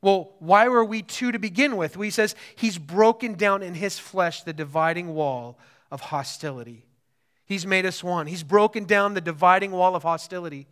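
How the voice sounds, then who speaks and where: A man preaching a sermon in a conversational, animated way, often checking in with the listeners. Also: sits high, moderate pace. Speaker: pastor.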